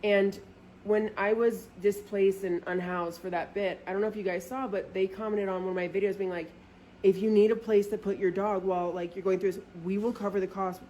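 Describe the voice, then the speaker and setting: A woman's voice: a little fast, slight background noise. A woman vlogger telling a casual storytime, chatty and full of filler words and swearing. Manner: acts out quoted friends with lively pitch jumps.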